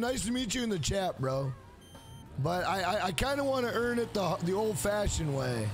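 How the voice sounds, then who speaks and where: A man streaming a game live, cursing and trash-talking the screen, and greeting and thanking viewers in the chat. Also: sits high. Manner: profane, excitable trash talk at the screen. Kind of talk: live-streamed gameplay commentary. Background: game music.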